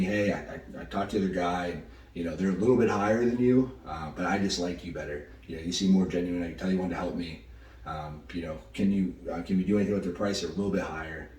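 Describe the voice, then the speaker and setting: A man's voice: low-pitched, darkish tone. A young man casually telling a story about a deal, swearing freely and quoting the people in it. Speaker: real estate investor. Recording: roomy echo, mic at a distance.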